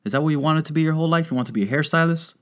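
A man's voice: on the high side, racing. A man doing a crude, rambling stand-up comedy monologue, riffing and slipping into put-on voices. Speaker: stand-up comic. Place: Miami.

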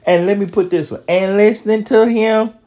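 A preacher delivers a sermon, slowly reading verses of scripture and interrupting himself with exclamations and appeals to his listeners. He has a high, dark voice held in a steady tone.

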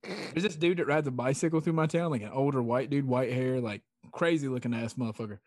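A man's voice: medium pitch, a little fast, darkish tone, dry recording, clean studio sound. A young man co-hosting a podcast, telling stories and jokes in a casual, swearing way, often laughing. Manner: joking, laughing, storytelling, swearing. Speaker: podcast co-host. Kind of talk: casual profane chat.

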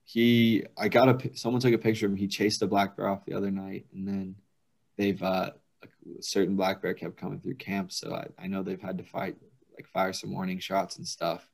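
A man's voice: low voice, little pitch movement, moderate pace, creaky. A man chatting casually on a podcast, telling anecdotes and laughing as he goes. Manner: laughs through vivid anecdotes. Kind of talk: casual chat, storytelling.

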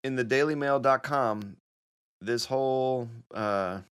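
A man's voice: mid-range voice, slow pace, a bit bright, smooth. A man hosting a casual podcast chat with friends, laughing often and joking loosely. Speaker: podcast host.

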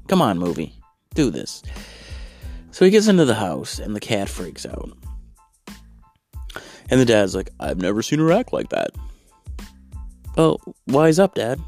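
A man's voice: fairly low pitch, a little mellow. A man riffing on a movie in a crude, sarcastic comedy rant full of profanity.

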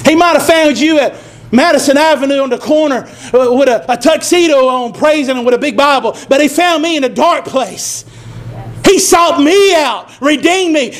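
A pastor delivers a sermon from his pulpit in a very high voice. He builds to shouted lines and draws call-and-response from his congregation. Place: church sanctuary.

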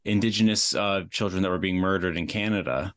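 Deep voiced guy on a movie podcast, earnest, stumbles and repeats himself. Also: steady tone, brisk, fairly bright tone, smooth, no echo. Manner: earnest, repeats words as he talks. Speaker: podcast guest. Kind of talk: casual film discussion.

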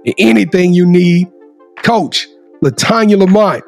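A man hosting a sports talk podcast, closing the show with energetic, emphatic hype. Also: high-pitched, moderate pace, soft background music. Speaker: podcast host. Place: Dallas.

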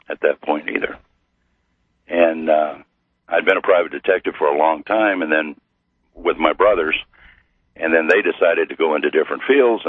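Very deep, husky man on a phone line. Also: dry recording. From Missouri. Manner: slow, halting with many fillers. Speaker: guest. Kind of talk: storytelling interview. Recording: tinny phone-like radio line.

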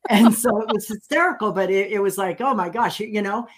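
A middle-aged woman from the United States, hosting a casual chat and telling animated stories. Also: mid-range voice, brisk. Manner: animated storyteller, laughs easily. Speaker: host.

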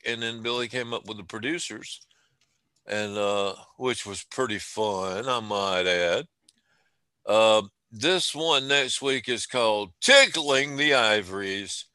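A man's voice: medium pitch, pushed and bright, smooth, no echo. A man hosting a casual chat show, rambling along with lots of fillers and restarts. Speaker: podcast host.

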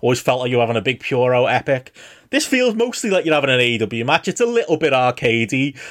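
A man co-hosting a casual podcast chat, animated and rambling, laughing often between points. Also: medium pitch, fast. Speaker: podcast co-host.

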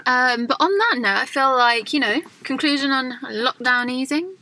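A woman's voice: high voice, moderate pace, pushed and bright, rough recording. A young woman, chatting casually and playfully as a vlog co-host. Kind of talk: casual chat.

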